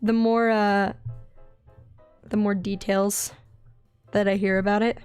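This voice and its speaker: A young woman with a light Southern accent, chatting in a bubbly, rambling way while she draws on a stream, often giggling and getting excited. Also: medium pitch, slow, clean tone, dry recording, soft background music. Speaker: digital artist streaming her drawing. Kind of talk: casual chatty art stream.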